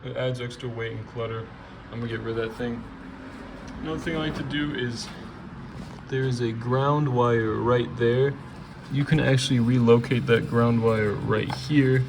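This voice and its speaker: At normal speed and with a gravelly medium-pitched voice, a male car restoration vlogger casually walks through his garage repairs step by step. The narration is relaxed and chatty, set against background noise.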